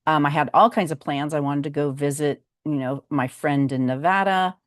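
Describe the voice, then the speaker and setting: An older woman with a low voice talks to her viewers in a casual vlog update. She rambles from one thing to the next and fills pauses with ums. The sound is close and dry, with no room echo. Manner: chatty and meandering, with frequent ums. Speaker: vlog host.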